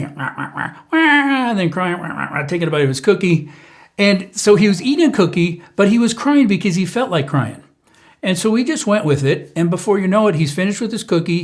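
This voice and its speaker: A man's voice: a little high, a little mellow. A middle-aged man hosting a parenting channel, giving casual, conversational advice to camera with frequent fillers and restarts.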